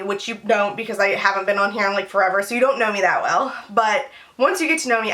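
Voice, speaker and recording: Bright-voiced young woman telling a story. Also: medium pitch, a little hiss or hum. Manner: rambling, filler-heavy, animated retelling. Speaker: vlogger. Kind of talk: casual storytime.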